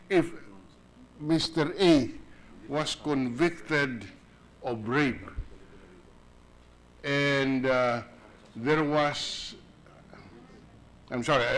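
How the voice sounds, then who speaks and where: A man, a senate minority leader, questioning a bill deliberately in a legislative chamber and restarting his phrases. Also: mid-range voice, fairly bright tone, slight background noise, rough recording.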